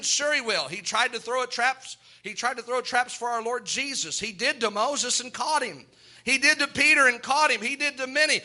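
A man's voice: high voice, sharp tone. A male preacher delivering a folksy, emphatic sermon, often restarting his phrases as he drives a point home.

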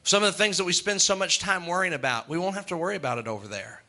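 A man preaching a sermon, chanting long lists in a slow rhythmic litany and chuckling between points. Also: high-pitched, sharp tone.

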